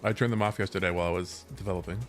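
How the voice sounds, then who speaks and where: A low-pitched American man talks loosely through a live stream, drifting between thoughts and fixing his own sentences as he goes. Soft music plays faintly behind him. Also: fairly even intonation, racing. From California, USA. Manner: rambling, self-correcting, chatty with viewers. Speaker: livestreamer and game developer. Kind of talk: casual live-stream chat while working.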